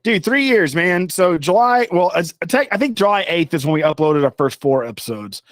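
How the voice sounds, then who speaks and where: A man co-hosting a casual podcast, his voice sitting a little higher than most men's. He rambles and loses his train of thought, swearing easily. The sound is dry and close with no room in it. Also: animated, normal speed, no echo. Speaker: podcast co-host. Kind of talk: casual chat.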